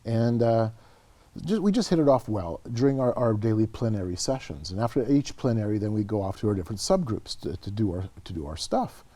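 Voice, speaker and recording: A middle-aged man from Canada speaks as an interview guest, earnest and animated as he recounts events. His voice sits on the dark side with a husky edge. He restarts and repeats words as he talks. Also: lowish voice, brisk. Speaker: guest, researcher and author. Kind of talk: conversational interview storytelling.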